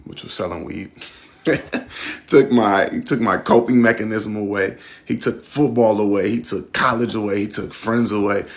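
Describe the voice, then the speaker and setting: Gravelly young man telling a story. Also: lowish voice, fairly bright tone. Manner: profane, candid and reflective. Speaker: podcast host. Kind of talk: casual personal storytelling.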